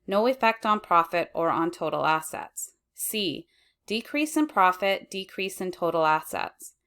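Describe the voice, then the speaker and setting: A woman with a somewhat low voice walks through accounting slides. She reads at a steady, measured pace and stops to correct her own slips. She sounds like a middle-aged instructor recording a lecture. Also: smooth.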